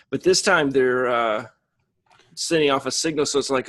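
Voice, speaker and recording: A man co-hosting a podcast, recapping a show episode with crude jokes and quick voices for the characters. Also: mid-range voice, steady tone, a bit bright. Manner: jokey, acts out characters in quick asides. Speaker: podcast co-host.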